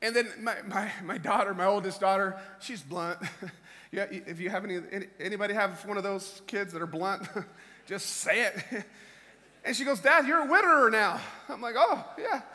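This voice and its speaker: Middle-aged male preacher, very high sharp voice, passionate shouted exhortations, echoing hall. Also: moderate pace. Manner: impassioned, shouting exhortations with chuckles. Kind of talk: sermon. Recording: reverberant hall.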